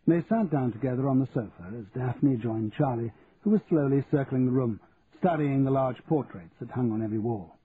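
A man narrating an audiobook in a measured, wry storytelling manner. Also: medium pitch. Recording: tinny, phone-like audio, faint hiss.

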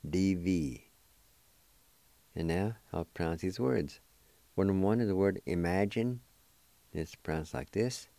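A man with a lowish voice leads a radio language lesson, taking his time as he spells out each word letter by letter and repeats its pronunciation. The sound is dry and close, with no room echo, as if from a studio microphone. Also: gravelly, warm tone. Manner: slow, deliberate spelling and pronouncing of words. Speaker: radio host teaching language.

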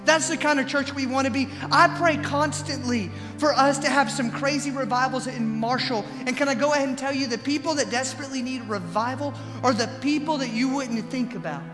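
A male pastor preaching a sermon with passion, swinging between hushed earnest lines and loud, pleading ones. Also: extremely high pitch, a little fast, few pauses, in a large hall, music in the background. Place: church sanctuary.

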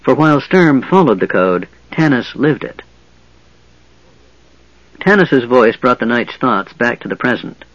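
A man reading fantasy narration aloud in a steady, even storytelling manner. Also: medium pitch, a little slow, no room sound, muffled recording. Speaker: audiobook narrator.

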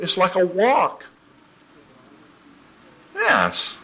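Folksy, bright-voiced male preacher. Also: on the high side, normal speed. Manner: folksy, animated, laughs often. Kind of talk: informal sermon.

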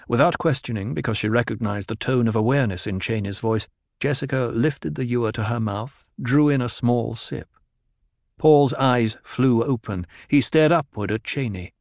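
A man's voice: mid-range voice, normal speed, creaky, no echo. Man narrating an audiobook, close and dry.

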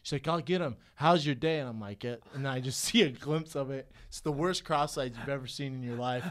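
A man's voice: medium pitch, fairly quick. A man chatting casually, giggling his way through funny stories. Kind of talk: casual chat.

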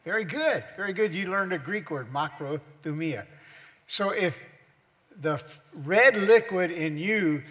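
Pastor in an echoey church hall. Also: male voice, high-pitched, animated, measured pace, fairly bright tone. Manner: teaching, asks the congregation questions. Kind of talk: sermon.

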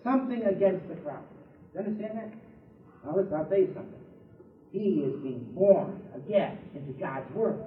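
High-voiced preacher man, roomy and distant. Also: animated, moderate pace. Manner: emphatic, rhetorical questions, swings between loud and hushed. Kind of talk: sermon. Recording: distant, roomy, dull lo-fi recording.

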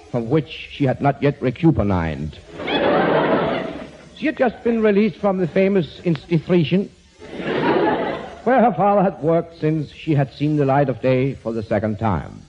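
On a dull, noisy, lo-fi old radio recording, a comedian and pianist performs a comic monologue, reading a silly passage aloud with little chuckles and swapping numbers into his words. His slightly high voice swings widely in pitch at a moderate pace.

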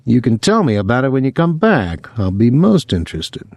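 A man's voice: medium pitch, sing-song, moderate pace, a little mellow, no room sound, voice pushed up, lightly acted. A man voicing a cold, sarcastic, controlling older man who speaks in a mocking, curt way.

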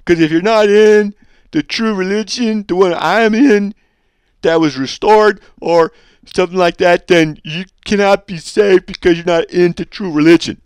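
A man voicing a smug, preachy man who insists everyone must join his one true religion, in a high, slow, sing-song mocking tone. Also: clean tone, dry recording, natural voice.

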